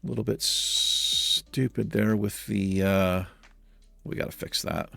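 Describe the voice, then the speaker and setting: A man's voice: on the low side, fairly even intonation, takes it slowly, vocal fry, sharp tone, no echo, soft background music. A man hosting a gaming channel, thinking aloud and muttering in casual let's-play commentary, mildly exasperated.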